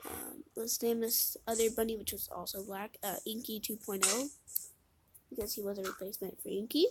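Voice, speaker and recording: A woman giving casual let's-play commentary, mumbling to herself while playing, with sudden loud dramatic outbursts, recorded on a phone microphone. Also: medium pitch, steady tone, a little fast, background noise. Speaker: game video creator. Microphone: phone microphone during screen recording.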